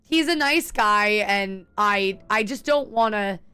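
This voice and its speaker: A woman's voice: mid-range voice, expressive, takes it slowly, bright, forceful tone, clean tone. A young adult woman streaming a game, chatting candidly with viewers in a rambling way, restarting sentences and swearing freely. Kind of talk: casual chat while gaming.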